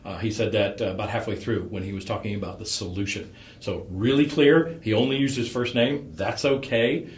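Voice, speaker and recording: Low-voiced man coaching a pitch. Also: fairly quick, reverberant. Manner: relaxed, rambling, with fillers. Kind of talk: conversational critique.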